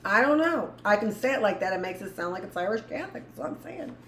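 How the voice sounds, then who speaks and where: A woman's voice: mid-range voice, very animated, fast talker. A middle-aged woman teacher reading a book aloud to a live class and breaking off into blunt, rambling asides. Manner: rambling, blunt asides between read passages. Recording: echoey room with faint noise.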